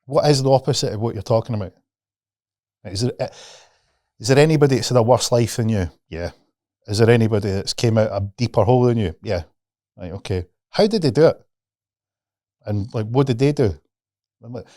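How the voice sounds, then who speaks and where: A man's voice: mid-range voice, fairly quick, dark tone, no room sound, clean studio sound. A man, a podcast guest and mindset coach, talking casually and animatedly, swearing freely and acting out the voices of the people he quotes.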